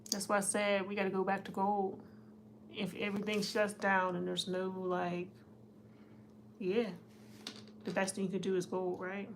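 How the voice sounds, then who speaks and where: A woman's voice: mid-range voice, monotone, normal speed, long pauses, a little hiss or hum. Chatty woman hosting a live stream. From United States. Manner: chatty, laughs often, talks to chat. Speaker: livestream host. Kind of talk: casual live chat reading comments.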